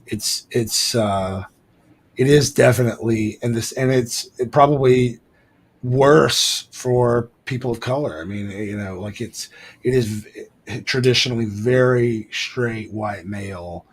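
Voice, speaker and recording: A man's voice: mid-range voice, unhurried, breathy edge. A man co-hosting a podcast in casual chat over a remote call, rambling with lots of fillers and restarts. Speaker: podcast co-host.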